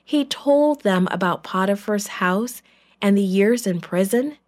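Slow, measured woman storyteller. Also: medium pitch, lively intonation, darkish tone. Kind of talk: scripted Bible story narration.

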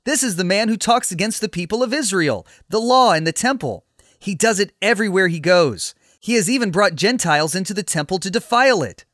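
An enraged crowd hurls its accusations in raised, high-pitched shouts, put on by a man narrating a storybook. The voice sits close and dry, with no room around it. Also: expressive, fairly quick, dry recording. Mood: furious.

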